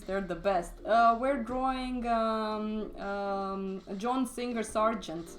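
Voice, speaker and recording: A woman's voice: mid-range voice, very slow. Frank, chatty woman streamer talking through a charcoal drawing, with faint music under her. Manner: chatty and frank, swears casually. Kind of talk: casual live-stream drawing lesson. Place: home studio, live stream.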